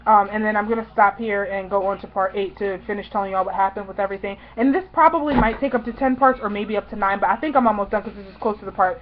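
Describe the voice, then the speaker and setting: Fast, excitable woman vlogger, lo-fi. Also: mid-range voice. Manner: excitable, chatty, slangy. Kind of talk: casual storytelling to viewers.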